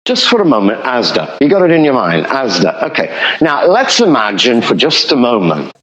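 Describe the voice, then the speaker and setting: A man's voice: medium pitch, huge pitch swings, moderate pace, a bit bright, reverberant. A man speaking as an economist guest on a podcast, explaining passionately and repeating points for emphasis. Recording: dull lo-fi audio.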